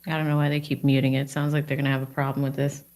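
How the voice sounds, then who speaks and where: A woman's voice: rumbling low, monotone, racing, noisy background. Chatty woman streamer commenting live. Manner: chatty, laughs often, talks to viewers. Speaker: livestream commentator.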